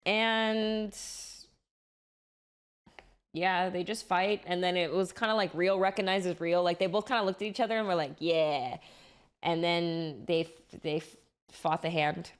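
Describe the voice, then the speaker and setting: A woman's voice: on the low side, steady tone, a little slow, clean tone. A young woman streamer chatting casually with her live chat, swearing freely and often restarting her sentences.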